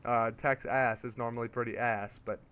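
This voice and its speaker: A young man streaming a racing game, giving casual play-by-play commentary that turns excitable on restarts. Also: mid-range voice, moderate pace, smooth. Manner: excitable, rises to shouting on restarts.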